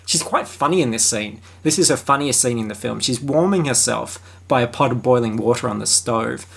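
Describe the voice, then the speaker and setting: A man giving a casual, sarcastic and jokey film review, animated and chatty. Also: mid-range voice, fairly quick, vocal fry, breathy edge.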